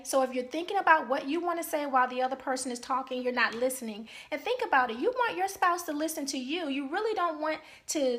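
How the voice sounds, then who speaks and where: A woman's voice: sits high, fairly bright tone. A woman marriage counselor giving an earnest, emphatic talk to couples, often checking in with "okay?".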